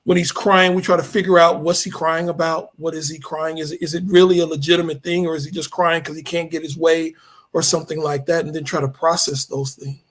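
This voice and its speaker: A man speaking as a podcast guest, earnest and measured, with fairly formal wording. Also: on the high side, flat delivery, fairly bright tone. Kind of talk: casual podcast conversation.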